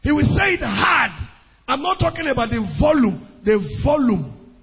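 A man preaching a sermon, calling out to his congregation, rising into sing-song shouts. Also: very high voice, very animated, moderate pace. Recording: muffled hall recording with long reverb.

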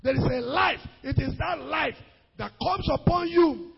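A man preaching a sermon as pastor, rising into sung and shouted emphasis. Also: very high-pitched, a little slow, creaky, big-room sound, muffled recording.

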